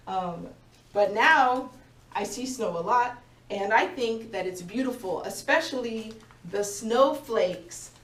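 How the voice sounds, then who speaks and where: A woman teaching a vocabulary lesson to a class of young learners, speaking slowly and clearly and encouraging them as they go. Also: on the high side. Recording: echoey room, voice from a distance.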